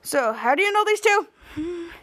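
A woman's voice: very high voice, sing-song, measured pace, bright, forceful tone, pitched above the performer's own voice, exaggerated voice. A woman voicing a smug, prying male news reporter.

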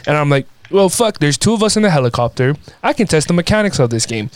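A man's voice: a little high, big pitch swings, fast talker, clear, resonant tone, no room sound. A man co-hosting a casual gaming podcast, telling a profane story with lots of laughter. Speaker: podcast co-host.

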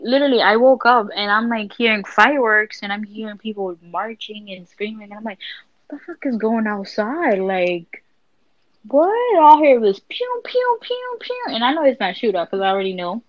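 A woman co-hosting a casual podcast chat, telling stories loudly and laughing often. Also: fairly high pitch, a little fast, no room sound, dull audio. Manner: loud, laughing, animated storytelling. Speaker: podcast co-host.

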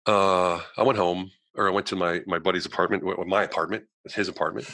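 Man, guest, personal storytelling, very deep voice, rapid delivery, acts out quoted voices. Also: dry recording. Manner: animated, acts out quoted voices, frequent "you know" fillers.

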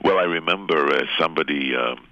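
Older man, very deep gravelly voice on a phone call. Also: dry recording. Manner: chuckling, unhurried, advice with restarts. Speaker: guest violinist on a phone call. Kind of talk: casual phone conversation. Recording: phone line.

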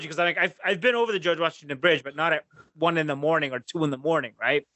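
Animated, bright-voiced storytelling man. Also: a little high, fast talker, dry recording. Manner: animated storyteller, swears, acts out his own rants. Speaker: podcast host telling a road trip story. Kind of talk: casual chat.

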